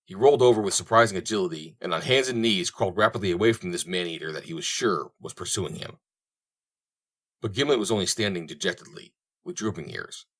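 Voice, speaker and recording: A man reading a western novel aloud in a steady, storytelling manner. His voice is deep and low-pitched, with measured, even delivery through the action. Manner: steady storytelling, voicing each character. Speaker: audiobook narrator. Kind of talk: audiobook narration.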